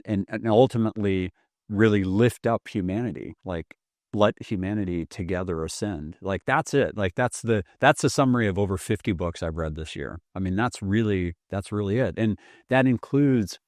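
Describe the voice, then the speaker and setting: Brief: male podcast host, deep voice, reflective and affirming, dry close sound. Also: a little mellow, no room sound. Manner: reflective, sums up ideas, frequent affirmations. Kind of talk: conversational podcast interview.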